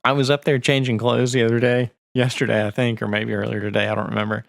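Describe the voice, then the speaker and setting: A man's voice: mid-range voice, level tone, quick pace, creaky, no echo, clean studio sound. A man co-hosting a podcast in casual chat, rambling and swearing freely while he reads text off a screen. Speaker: podcast co-host.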